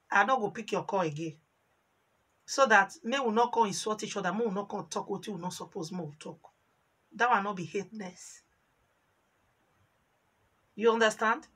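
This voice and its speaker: A woman with a Nigerian accent telling a story from her life in a casual vlog, animated and voicing the people she quotes. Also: a little high. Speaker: vlogger. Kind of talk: casual storytelling monologue in Pidgin.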